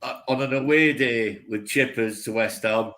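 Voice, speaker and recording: A man, bantering loosely on a live show, swearing freely and laughing often as his pitch jumps. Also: moderate pace, a bit bright, poor audio. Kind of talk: rowdy casual banter.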